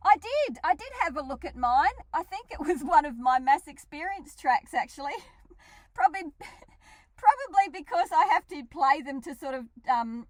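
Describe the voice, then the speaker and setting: A woman's voice: high voice, dry recording. A middle-aged Australian woman, a regular on a radio show, chatting casually and animatedly, laughing often.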